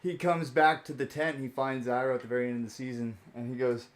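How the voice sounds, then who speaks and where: A young man talks his way through opening trading card packs on a stream, rambling and chatty. His voice sits at an ordinary middle pitch, and he fills pauses with "uh" and quick chuckles as he goes. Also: level tone. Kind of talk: casual pack-opening commentary.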